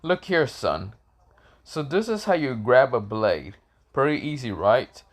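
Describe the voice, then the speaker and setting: A man's voice: mid-range voice, very animated, a little slow. A man voicing a brash, protective brawler father who talks with blunt, profane swagger in a fan story retelling. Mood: casual.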